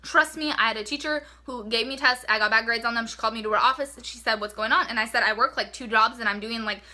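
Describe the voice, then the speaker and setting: Bright, chatty young woman vlogger. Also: on the high side, fast. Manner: chatty, frank, fills speech with "like". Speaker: vlogger giving college tips. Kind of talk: casual advice vlog.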